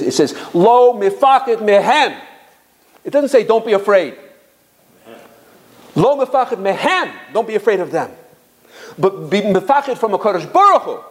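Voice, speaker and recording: Fast-talking animated male religious storyteller. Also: fairly high pitch. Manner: animated, repetitive restarts, Hebrew and Yiddish terms. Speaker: religious teacher. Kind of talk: storytelling sermon.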